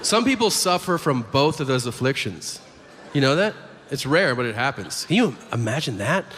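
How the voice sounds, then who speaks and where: A man's voice: medium pitch, moderate pace, a crowd in the background. A man performing a stand-up comedy set, telling profane stories and acting out the people in them. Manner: animated storytelling, acts out voices, profane. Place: comedy venue stage. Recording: live club mic, hall reverb, audience noise.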